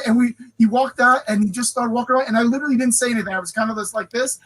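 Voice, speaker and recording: A man in his forties, a podcast co-host, telling halting, self-correcting stories in casual chat. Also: very high-pitched, steady tone, fairly bright tone. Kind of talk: casual storytelling.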